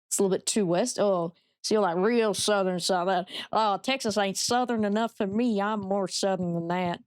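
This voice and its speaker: Young Australian woman, game streamer, mid pitch, dry close sound, chatty and blunt. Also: brisk, dry recording. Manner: chatty, reading out chat, frank with swearing. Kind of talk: casual gameplay commentary.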